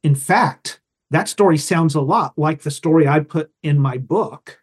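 Higher-voiced man telling anecdotes. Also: unhurried, husky. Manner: thoughtful, explains with examples and anecdotes. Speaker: guest storyteller. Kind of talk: casual podcast conversation.

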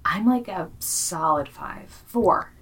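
A woman's voice: lowish voice, lively intonation, takes it slowly, a bit bright, slightly rough, far from the mic. A woman in her thirties co-hosting a podcast in casual chat, telling stories and acting out quotes. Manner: chatty storyteller, acts out quotes. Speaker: podcast co-host.

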